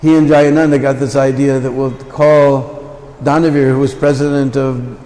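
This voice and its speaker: A man's voice: medium pitch, flat delivery, moderate pace, dark tone. A man giving a temple lecture full of anecdotes, with chatty asides to the listeners. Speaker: visiting lecturer. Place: large temple hall. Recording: long temple hall reverb.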